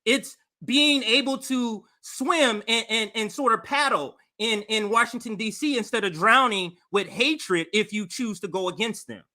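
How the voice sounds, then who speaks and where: A man's voice: high voice, measured pace, hardly any pauses, pushed and bright. A man co-hosting a political talk show, arguing emphatically with analogies and rhetorical questions. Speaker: political podcast co-host.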